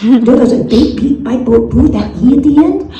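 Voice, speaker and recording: A woman's voice: high-pitched, normal speed, warm tone, muffled recording, close to an everyday voice. A woman voicing a frantic, whiny little boy pupil who squeals and pleads with his teacher. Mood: excited. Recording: roomy live stage sound from a distance, audience audible.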